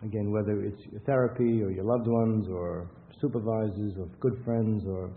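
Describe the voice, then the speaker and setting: A workshop lecturer with a lowish, fairly even voice speaks at a normal speed, telling anecdotes in a rambling, conversational way and often restarting his sentences. The recording sounds tinny, like a phone, with a faint hiss.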